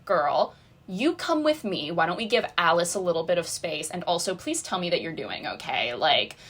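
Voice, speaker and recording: A woman lightly imitating a flamboyant young man, gushing and rambling with excitement. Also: lowish voice, normal speed, slightly rough, heavily acted.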